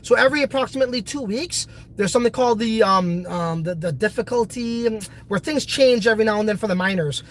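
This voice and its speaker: A man's voice: sits high, quick pace, poor audio. A congested man hosting a casual crypto video, talking in a brash, profane, hyped way. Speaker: crypto project host.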